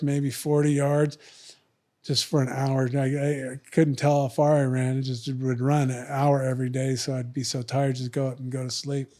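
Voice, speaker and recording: An older man telling a long, rambling story as a podcast guest, jumping into the voices of the people in it and trailing off quietly at the ends of asides. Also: mid-range voice. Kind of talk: casual storytelling.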